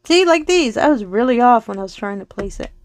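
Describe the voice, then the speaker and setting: Soft-spoken giggly woman crafting vlogger. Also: on the high side, expressive, slight background noise. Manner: soft and slow when focusing; giggles often between remarks. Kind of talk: casual chat while diamond painting.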